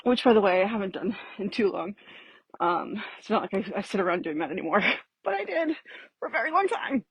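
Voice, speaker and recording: Walking up a hill on an outdoor street, a woman vlogger talks casually while out of breath, rambling and laughing often as she thinks aloud. Her mid-range voice swings widely in pitch, brisk and breathy-edged, and the recording sounds muffled.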